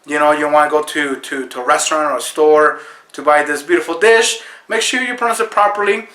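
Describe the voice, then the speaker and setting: A man hosting a deadpan mock tutorial, earnest and full of fillers. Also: on the high side, a little fast, echoey room. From Mexico. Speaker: comedy video host.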